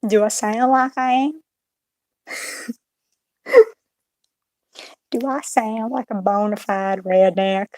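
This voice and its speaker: A woman's voice: medium pitch, fairly even intonation, takes it slowly, long pauses, a little mellow, no echo, lightly acted. Woman putting on a hammy Southern drawl. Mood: joking. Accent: put-on Southern US drawl. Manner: playful, drawling, laughing. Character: a woman hamming up a rural Southern drawl, jokey.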